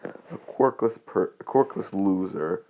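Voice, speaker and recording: A man's voice: deep voice, unhurried, warm tone. A man voicing a smug, arrogant teenage boy who is a rival student. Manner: smug, sneering.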